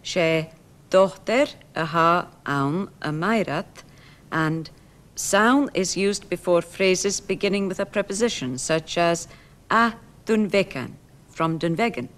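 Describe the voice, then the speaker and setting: A woman explaining grammar in a lesson, slowly and carefully, repeating her example phrases. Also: on the low side, fairly bright tone. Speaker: language teacher.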